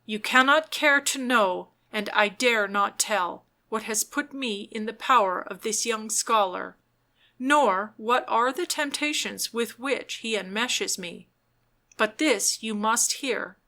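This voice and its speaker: A woman's voice: fairly high pitch, takes it slowly, sharp tone, full character voice. Woman reading as a fervent tormented young man. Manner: fervent and imploring.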